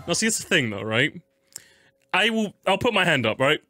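A young man doing casual live-stream commentary while ranking game tracks, swearing a lot and jumping into high-pitched squeals when annoyed. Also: very animated, a little slow, bright, forceful tone. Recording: game music playing faintly behind.

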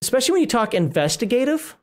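A man's voice: very high voice, very animated, fast. A middle-aged man hosting a casual livestream, reading rules aloud and rambling, often breaking off mid-word. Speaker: livestream host reviewing a tabletop RPG book.

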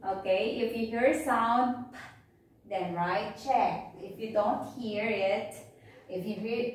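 Slow, patient woman teaching phonics. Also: mid-range voice, far from the mic. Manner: slow, drawn-out, repeating words for children to echo. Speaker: kindergarten teacher. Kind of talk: online phonics lesson for young children. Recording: echoey room, voice from off-mic, faint hiss.

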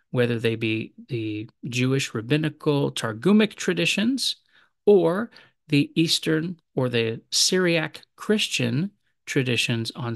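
Gravelly-voiced man teaching ancient languages. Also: mid-range voice, no echo, studio quality. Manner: measured, reads and recites verses in ancient languages. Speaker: professor teaching a Bible language study. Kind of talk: explanatory lesson.

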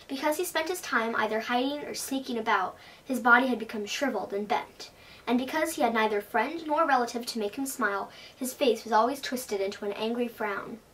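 A woman reading a children's story aloud at a bookstore with an expressive read-aloud delivery. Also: a little high. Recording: voice from a distance.

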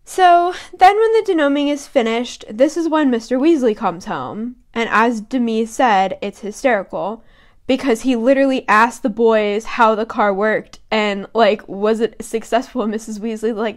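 A woman's voice: on the high side, a little slow. A young woman co-hosting a podcast, chatting casually about a book and giggling as she reads quotes aloud in voices. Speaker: podcast co-host.

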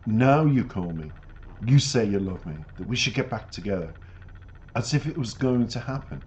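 A man's voice: lowish voice, lively intonation, normal speed, darkish tone. A man hosting a music reaction channel, giving reflective commentary and earnest, emphatic life advice. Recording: dull lo-fi audio with faint noise.

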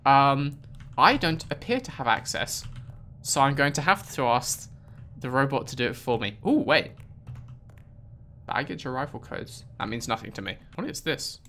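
A man's voice: medium pitch, lively intonation, normal speed, sharp tone, slight background noise. A British man commentating a video game, sarcastic and exasperated as he talks back at the game. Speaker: gaming video host. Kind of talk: casual gameplay commentary.

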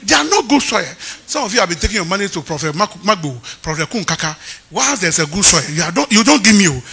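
Male pastor preaching, high and very sharp voice, storyteller who plays out each character. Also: quick pace, breathy edge, soft background music. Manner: lively storytelling preacher who acts out the people he quotes. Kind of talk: preaching a sermon.

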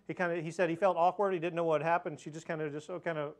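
A man's voice: on the high side, steady tone, quick pace, few pauses. A man giving an earnest, conversational church lesson, telling stories and stressing points of faith. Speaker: church teacher. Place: church hall with pulpit.

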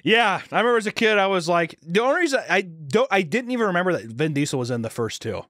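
A man's voice: high-pitched, very animated, fast talker, a bit bright, no echo, studio quality. A young man co-hosting a podcast, telling rambling, crude stories in casual chat with lots of swearing. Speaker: podcast co-host.

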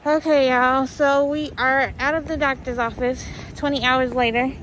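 A woman's voice: sits high, steady tone, moderate pace, a bit bright, a little hiss or hum, low-quality recording. A pregnant woman, chatting casually to her viewers as a vlogger, a bit out of breath, calling them y'all. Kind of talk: casual vlog chat to viewers. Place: car, then doctor's office.

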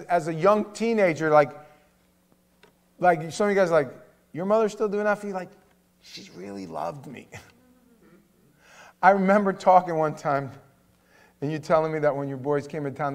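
A man pastor preaching a sermon in a chatty, animated way, swinging from soft asides to loud emphasis. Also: a little high, measured pace, long pauses. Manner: conversational, with filler words.

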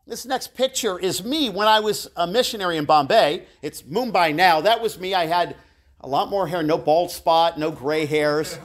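A middle-aged man teaching a live church Bible class, telling personal stories in a chatty, self-deprecating way with asides to his listeners. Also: on the high side.

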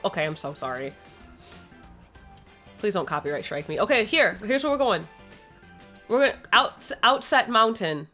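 A woman's voice: fairly low pitch, very animated, fairly quick, pauses often, bright, forceful tone, soft background music. Bubbly young woman gushing over a game. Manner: bubbly, gushing, self-deprecating. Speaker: gaming streamer. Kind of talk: casual let's-play commentary.

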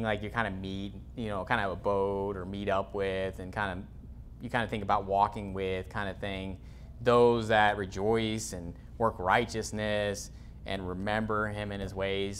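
A male pastor giving an expository sermon in a loose, conversational way, full of fillers, reading scripture aloud slowly. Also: on the low side, fairly bright tone. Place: church.

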